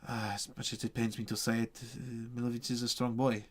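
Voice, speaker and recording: A man voicing a gentle, troubled priest who speaks solemnly with many hesitant pauses. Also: mid-range voice, little pitch movement, close to an everyday voice. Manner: hesitant, solemn, faltering speech.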